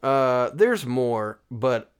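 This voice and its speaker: A man's voice: medium pitch, big pitch swings, extremely slow, smooth. A man co-hosting a podcast, reading product reviews aloud in casual chat, joking and laughing often. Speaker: podcast co-host.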